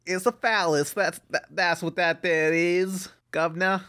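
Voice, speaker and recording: A woman's voice: fairly low pitch, fairly even intonation, slow pace, voice pushed up. A woman putting on a rowdy mock-British cockney bloke with a wandering fake accent, as a comic bit in podcast banter.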